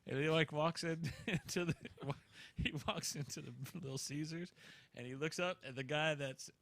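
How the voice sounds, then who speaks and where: A man's voice: on the high side, normal speed. A man hosting a casual chat show, telling funny stories with lots of laughter. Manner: animated storyteller, laughs often. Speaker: host.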